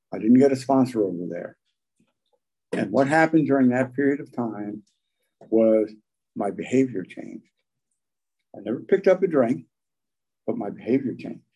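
An older man telling his recovery story at a meeting, folksy and halting, with frequent pauses. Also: mid-range voice, mellow, slightly rough, low-quality recording. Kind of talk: personal recovery talk.

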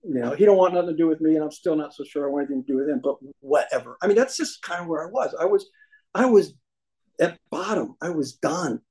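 A man's voice: a little high, lively intonation, fast talker, mellow, poor audio. A man telling his recovery story to a meeting audience in a folksy, humorous way, acting out the voices of people he quotes.

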